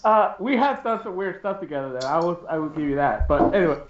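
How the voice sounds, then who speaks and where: A man's voice: fairly high pitch, expressive, fast talker. A man telling a long, rambling story in casual chat, often laughing and restarting his sentences. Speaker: stream co-host. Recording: roomy, dull lo-fi stream audio.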